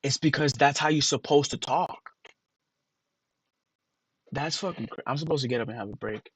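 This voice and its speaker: A man's voice: mid-range voice, normal speed, breathy edge, low-quality recording. A man on a casual livestream, rambling to his chat and sounding out words letter by letter with emphatic disbelief.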